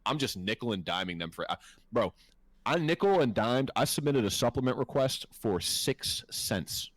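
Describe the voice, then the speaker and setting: A man's voice: medium pitch, expressive, normal speed, no room sound. A man co-hosting a podcast, talking in a casual, heated way, swearing freely and laughing often. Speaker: podcast co-host. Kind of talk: casual profane chat.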